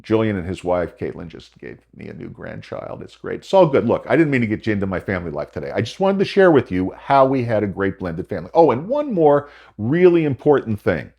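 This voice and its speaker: A man's voice: lowish voice, sing-song, fairly quick, gravelly, a little mellow. An older man hosting a podcast, giving advice in a rambling, emphatic monologue with emotional asides. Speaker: podcast host.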